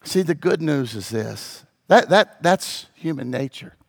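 A man preaching as a pastor, moving from hushed, low passages to loud, shouted peaks. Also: lively intonation, unhurried, gravelly. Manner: dramatic, swings from hushed to shouting. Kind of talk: sermon. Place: church.

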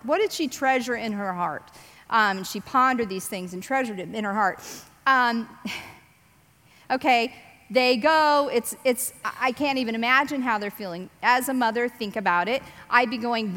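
A woman giving a casual, animated Bible teaching on parenting, acting out voices as she quotes. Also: on the high side. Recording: long reverb.

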